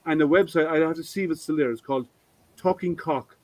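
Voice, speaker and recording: A man's voice: a little high, fast, no room sound, low-quality recording. A man hosting a casual maker hangout, rambling with lots of ums and restarts. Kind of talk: casual chat.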